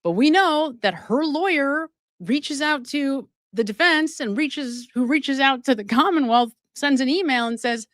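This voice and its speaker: Animated woman host, laughing as she talks. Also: high voice, measured pace, no echo, studio quality. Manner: animated and emphatic, laughing often mid-sentence; talks straight to viewers with many asides. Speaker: livestream host. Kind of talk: live-stream true crime commentary.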